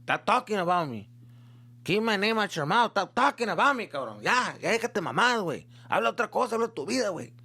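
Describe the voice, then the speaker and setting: A man voicing his angry middle-aged father, who scolds him gruffly. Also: high voice, big pitch swings, fast, pushed and bright, voice pushed up, exaggerated voice. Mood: annoyed. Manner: gruff, scolding, repeating himself.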